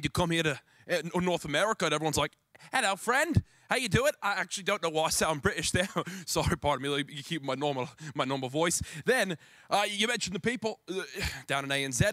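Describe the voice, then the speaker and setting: A young Australian man, a pro gamer interviewed on an event stage, answering with deadpan jokes. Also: on the high side, quick pace, dry recording, studio quality. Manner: deadpan joker. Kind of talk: joking interview.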